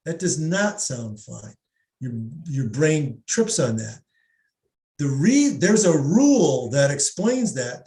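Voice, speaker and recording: A middle-aged man, a psychologist, explaining reading and language in an animated way and sounding out examples. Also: mid-range voice. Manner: animated explainer, demonstrates pronunciations aloud. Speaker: psychologist guest. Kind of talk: explanatory discussion. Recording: roomy echo.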